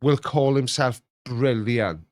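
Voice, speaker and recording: Male host, casual and mocking, medium pitch, dry mic. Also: slow pace, no room sound. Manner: rambling, mocking and animated. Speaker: host reacting to viewer comments. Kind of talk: casual chat.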